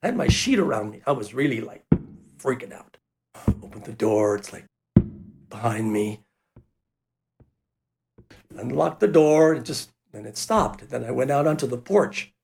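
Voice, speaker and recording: A man's voice: mid-range voice, a little slow, creaky, long pauses. A man telling a personal story in a loose, casual way, with lots of fillers, who acts out the people he quotes. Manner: animated, acts out the quoted voices; loose and rambling, with fillers like "you know".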